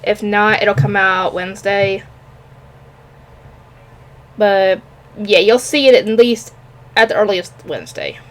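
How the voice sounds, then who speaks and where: A woman's voice: mid-range voice, slow pace, long pauses. A woman talking casually on her own about an anime episode, rambling and often stopping to search for names. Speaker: anime reviewer. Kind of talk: casual solo review.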